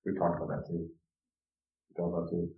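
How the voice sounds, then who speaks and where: A man's voice: low-pitched, monotone, fairly quick. Middle-aged man telling folksy parenting stories. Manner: folksy storytelling, repeats words for emphasis. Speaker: teacher giving a parenting talk. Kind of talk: lecture with personal stories. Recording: roomy and distant, dull archive recording.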